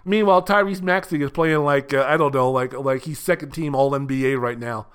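A man hosting a solo sports talk show, ranting with profanity and shouting. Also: on the high side, sing-song, normal speed, smooth.

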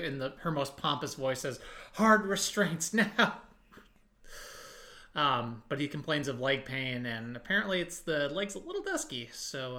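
A man's voice: medium pitch, sharp tone. A man co-hosting a casual podcast, recapping a TV episode in a laid-back way with dry asides. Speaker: podcast co-host.

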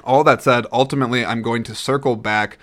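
A man hosting a casual solo movie-review podcast, rambling and chatty, with frequent throat clearing and restarts. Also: mid-range voice, steady tone, a little fast, fairly bright tone. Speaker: podcast host.

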